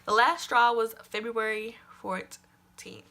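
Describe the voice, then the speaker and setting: A young woman telling a personal story in a storytime vlog, animated and emphatic, repeating lines for effect and swearing casually. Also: fairly high pitch, takes it slowly. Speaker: vlogger.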